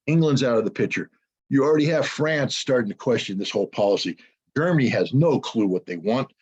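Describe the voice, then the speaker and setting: A man's voice: mid-range voice, animated, brisk, a little mellow, husky. A man giving blunt, opinionated analysis as an interview guest, often repeating words as he searches for the next one. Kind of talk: unscripted interview commentary.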